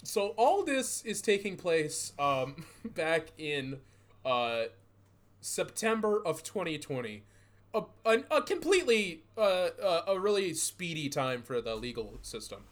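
A man hosting a casual comedy podcast, animated and laughing, with mocking, profane asides. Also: a little high, measured pace. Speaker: podcast host.

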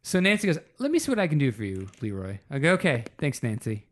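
Animated man telling a story. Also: mid-range voice, fast. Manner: animated, swears freely, acts out both sides of phone calls. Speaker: podcast co-host. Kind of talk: casual storytelling chat.

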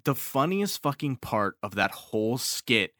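A man in casual podcast chat about an anime, swearing freely and excitably retelling scenes. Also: mid-range voice, unhurried, dry recording, clean studio sound. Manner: profane, excitable, animated retelling.

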